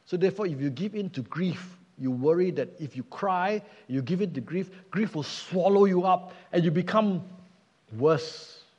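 A man's voice: high-pitched, expressive, moderate pace, darkish tone, slightly rough. A man preaching a sermon, earnest and emphatic, asking rhetorical questions. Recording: dull sound with long hall reverb.

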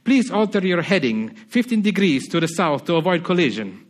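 Man doing a Spanish-accented lighthouse keeper, high-pitched, loud, insistent, defiant, read-aloud story in a sermon. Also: normal speed. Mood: firm. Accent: put-on Spanish accent. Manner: loud, insistent, mocking calm.

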